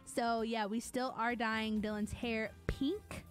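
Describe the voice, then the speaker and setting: A woman's voice: a little high, fairly even intonation, slow pace, faint music behind. A young woman streaming a game, chatting casually and greeting viewers by name. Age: young adult. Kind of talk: casual live-stream chat while gaming.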